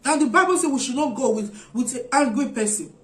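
A woman's voice: high voice, expressive, a little fast. A woman preaching a sermon, urging her listeners with earnest, repeated exhortations. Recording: echoey room.

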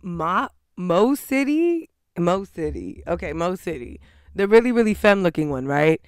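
A man's voice: high-pitched, unhurried, clean tone, dry recording, clean studio sound. A man hosting a casual recap of a reality TV episode, ranting profanely and laughing often. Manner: profane, laughing, animated rant.

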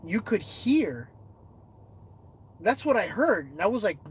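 A congested man on a casual livestream, reading viewer comments aloud, answering them and telling a story with growing excitement. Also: takes it slowly, a little hiss or hum. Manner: animated storytelling, rising in pitch when excited. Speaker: livestreaming explorer.

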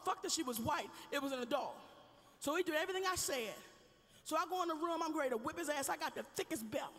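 A woman stand-up comedian telling a profane story in a brash style with loud outbursts, on a live stage. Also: high-pitched, animated, fast. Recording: reverberant live venue.

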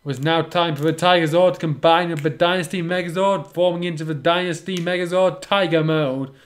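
This slightly high-voiced man reads a bit fast, his intonation fairly even. He's reading a fan story aloud and keeps stopping to poke at the writing with snarky, sarcastic asides, serving as reader and commentator.

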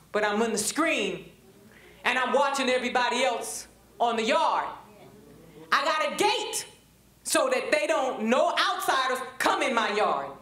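A middle-aged woman with a high, slightly bright voice and a Black lilt leads a sermon-style Bible study. She pulls the congregation into call-and-response and rises into fervent preaching, her voice ringing through a reverberant church.

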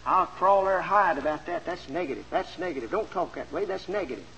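A man's voice: high voice, animated, fairly quick, fairly bright tone, long reverb tail, slight background noise, low-quality recording. A man preaching a sermon, telling a story with lots of animation and then urging his listeners on, in a 1970s LP recording made in a church auditorium with a pulpit mic.

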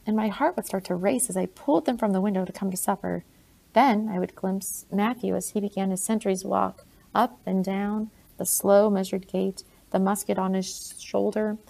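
A woman narrating a novel in the first person with a steady delivery. Her voice is mellow and dark, with a gravelly texture. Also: mid-range voice, normal speed. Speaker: audiobook reader. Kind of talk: reading a novel aloud.

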